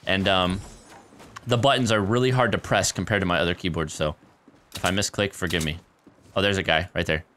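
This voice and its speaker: Speaking into a desk microphone beside his keyboard, a man gives casual live commentary on a shooter game, laughing often and addressing viewers as "dude" and "guys." His voice sits low with fairly even intonation, brisk but with frequent pauses, a bit bright, and there's a little hiss or hum.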